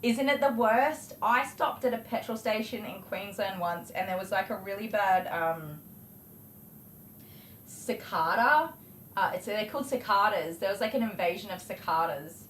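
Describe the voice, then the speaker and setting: Hosting a dog-grooming livestream, a middle-aged Australian woman laughs her way through animated stories while she works, even doing voices for the characters. She speaks at medium pitch and a moderate pace. The indoor grooming room echoes, and electric clippers hum faintly in the background.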